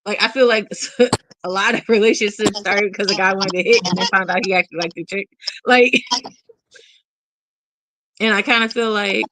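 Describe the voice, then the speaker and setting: A woman's voice: mid-range voice, moderate pace, pauses often, fairly bright tone, dry recording, rough recording. A woman in a casual debate who keeps challenging the other speaker, peppering her speech with "like".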